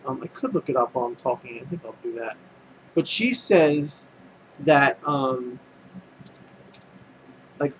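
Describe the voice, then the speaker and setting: A man's voice: medium pitch, animated, a little slow, pauses often, slight background noise, rough recording. A man casually recapping an anime episode, rambling and full of fillers and restarts. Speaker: anime reviewer.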